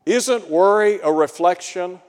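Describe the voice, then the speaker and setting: A man preaching a radio sermon, slow and deliberate, asking his listeners pointed rhetorical questions. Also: sits high, smooth, big-room sound.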